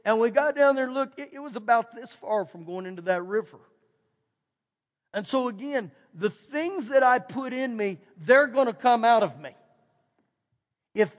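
A middle-aged Texan pastor with a fairly high voice preaches in a folksy, animated way, doubling his phrases as he tells a story. His voice rings with a long reverb from a large church hall. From Texas. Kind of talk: storytelling sermon. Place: church sanctuary.

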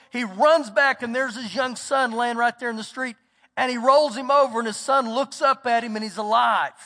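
A man's voice: extremely high pitch, sharp tone. A man, a pastor preaching an emphatic sermon and telling a story, repeating words for stress. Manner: storytelling, acts out quotes. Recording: long reverb of a church hall.

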